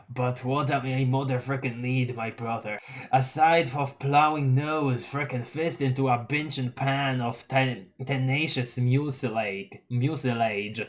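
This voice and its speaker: A reader voicing a laid-back clown troll boy who drawls slow rambling rhymes, swears and honks, in a dramatic reading of a webcomic. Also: mid-range voice, lightly acted.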